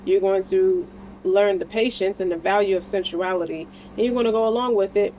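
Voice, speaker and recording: A woman's voice: mid-range voice, fairly even intonation, brisk, mellow, dull audio, slight background noise. A woman giving a casual spiritual tarot reading, talking in a blunt, slangy and encouraging way and swearing freely. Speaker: tarot card reader.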